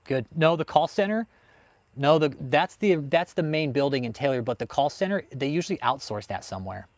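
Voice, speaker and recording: Hosting a livestream about cults, a man rants heatedly and swears constantly while answering chat. His voice is a little high, animated, and fairly quick, with no room sound.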